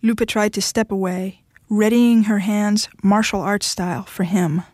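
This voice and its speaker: A woman reading a short story aloud in a steady, even storytelling manner. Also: medium pitch, unhurried, no room sound, clean studio sound. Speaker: narrator.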